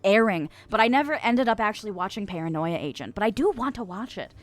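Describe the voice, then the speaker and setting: A woman streaming live, chatting casually and reading viewer comments with a soft voice and a lot of giggling. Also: medium pitch, animated, fast, no echo. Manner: giggly, playful, frequent laughter; soft-spoken.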